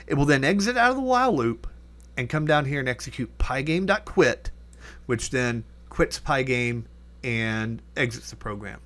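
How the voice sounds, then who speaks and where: A man's voice: mid-range voice, very animated, moderate pace, fairly bright tone. Man talking through code as he types. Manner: thinking aloud while typing, many fillers and self-corrections. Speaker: programming instructor. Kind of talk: casual coding tutorial.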